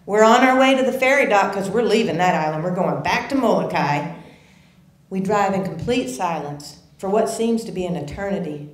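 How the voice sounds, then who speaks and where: A woman telling a personal story at a live story slam, animated and swinging from hushed tones to loud outbursts. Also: medium pitch, normal speed, echoey room. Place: theater stage.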